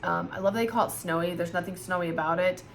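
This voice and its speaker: A woman with a slightly low voice reviews candles in a relaxed vlog. She sounds tired and yawns now and then, but stays chatty and full of praise. There is faint background noise. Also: fast, gravelly. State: tired, yawning. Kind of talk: casual product review vlog.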